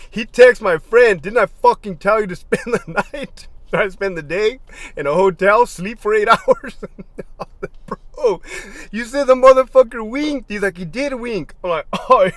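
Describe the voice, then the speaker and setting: A man's voice: high voice, a bit bright, no room sound. A middle-aged former prison lieutenant telling stories in a casual, profane way, laughing often as he goes. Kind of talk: casual storytelling monologue.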